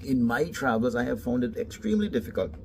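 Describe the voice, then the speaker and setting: A man's voice: medium pitch, sing-song, fast, noisy background. A man from the Caribbean with a Caribbean English accent, telling stories emphatically in a casual monologue.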